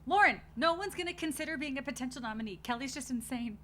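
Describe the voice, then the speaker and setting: Female streamer, bright tone, casual blunt watch-party commentary, swears freely. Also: sits high, animated, quick pace, slight background noise.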